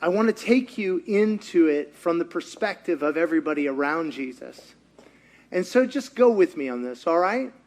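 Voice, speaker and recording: A middle-aged man preaching with a high, bright voice. He tells the story with energy, acts out each character's lines and keeps asking the congregation questions. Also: normal speed. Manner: animated storyteller, acts out quotes, asks the audience. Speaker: pastor. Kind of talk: sermon.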